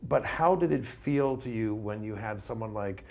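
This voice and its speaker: A man hosting a casual interview show, asking long, halting questions. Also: lowish voice, lively intonation, creaky, darkish tone. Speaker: talk show host.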